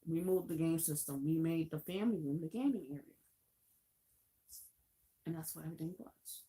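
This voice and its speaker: A woman's voice: sits low, moderate pace, warm tone. A woman live-stream host casually telling a long anecdote, chatty and laughing easily. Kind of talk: casual storytelling.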